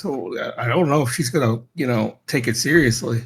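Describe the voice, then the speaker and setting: A man playing a tabletop game, talking in halting, stammering bursts and laughing often. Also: medium pitch, fairly bright tone, breathy edge. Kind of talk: casual gaming banter.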